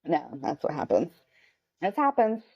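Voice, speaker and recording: A woman's voice: lowish voice, big pitch swings, unhurried, creaky, breathy edge. Woman co-host, casual chat. Blunt, profane, mimics others. Lo-fi recording. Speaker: podcast co-host.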